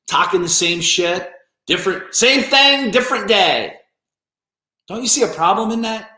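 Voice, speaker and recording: A man's voice: high-pitched, a bit bright, echoey room. A man who runs a business, giving a blunt, profane, scolding motivational rant on a live stream. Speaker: business owner.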